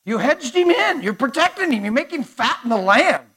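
A man's voice: very high voice, big pitch swings, normal speed, pushed and bright, husky, voice pushed up, exaggerated voice. A man preaching as he voices Satan in a sermon, an arrogant male figure mocking God with incredulous taunts. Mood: sneering.

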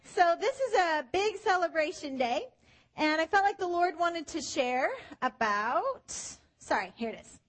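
A woman preaching a sermon in an animated way, acting out the voices she quotes. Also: very high-pitched, unhurried.

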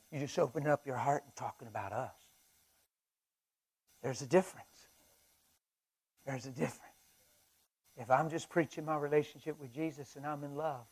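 A man preaching a fervent sermon at a men's breakfast, swinging between shouts and hushed asides and laughing with the crowd. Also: a little high. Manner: laughs and chats with the audience.

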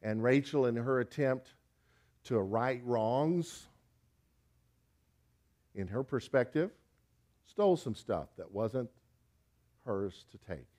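A man's voice: mid-range voice, animated, slow, long pauses, darkish tone. A man preaching a sermon, folksy and emphatic, urging listeners with direct questions.

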